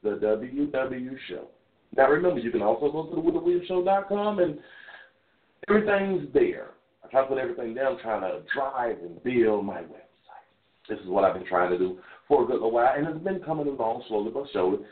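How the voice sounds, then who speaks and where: A man's voice: mid-range voice, expressive, a little fast. Thirties male host, casual call-in radio monologue, candid and profane, phone-line sound with echo. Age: 30s. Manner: loose, rambling, candid and profane. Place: in a car while driving. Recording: tinny phone line, echoey.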